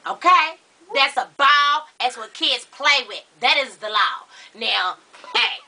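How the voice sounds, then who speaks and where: A woman telling a comic story in a sassy, animated way, dropping into low asides. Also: takes it slowly, slight background noise. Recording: voice from far off the mic.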